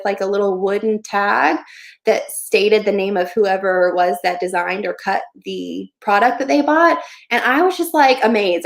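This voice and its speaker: A young woman hosting a casual livestream Q&A, chatting in a friendly way and often saying "um" and "like". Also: medium pitch. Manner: chatty, friendly, many fillers like "um" and "like". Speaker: livestream host giving online shop advice.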